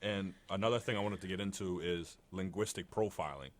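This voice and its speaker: A young man with a deep voice talks loosely and casually. He co-hosts a podcast and leans on fillers as he talks. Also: fairly quick. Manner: relaxed, conversational, many fillers. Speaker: podcast co-host. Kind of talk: casual chat.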